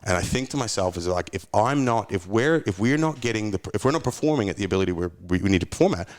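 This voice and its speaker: Aussie guy on a podcast, talks fast, deep-ish voice, acts out what people said. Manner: animated storyteller, acts out quoted voices. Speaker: podcast guest, businessman. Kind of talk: casual podcast conversation.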